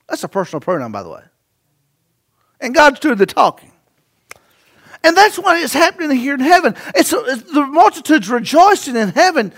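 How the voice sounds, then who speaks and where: Man, very high-pitched voice, pastor, sermon, loud-to-hushed delivery, rhetorical questions. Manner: dynamic preaching, swings from loud to hushed.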